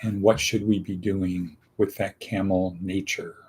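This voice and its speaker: A man hosting a casual motivational talk, slow and rambling, with quick asides. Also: deep voice, little pitch movement, darkish tone, a little hiss or hum. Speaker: host.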